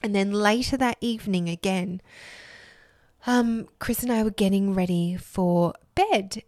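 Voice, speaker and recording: A woman in her thirties telling a personal story in an earnest, reflective way, laughing softly between thoughts. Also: medium pitch, unhurried, no echo, studio quality. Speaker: podcast host.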